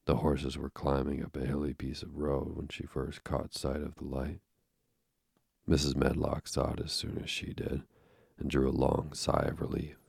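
A man narrating an audiobook in a measured, steady reading with a gravelly voice. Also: very deep voice, no room sound, studio quality.

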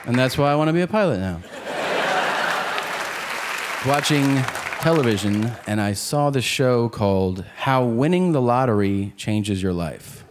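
On a comedy club stage before a live audience, a man performs stand-up and acts out the voices of the people in his jokes. His medium-pitched voice is expressive and unhurried, with frequent pauses. The live club recording carries crowd noise and audience laughter.

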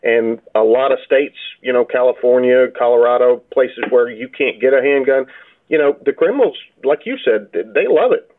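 A man, a county sheriff, answering interview questions in a steady, plainspoken way. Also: medium pitch, moderate pace. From Florida. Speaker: sheriff, guest. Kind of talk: phone-in interview. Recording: tinny phone line.

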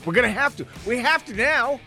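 A man's voice: extremely high pitch, animated, a little fast, pushed and bright, faint music behind. A man hosting a casual radio show, joking and laughing often. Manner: joking, laughing often, mock-dramatic asides. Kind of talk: casual morning radio banter.

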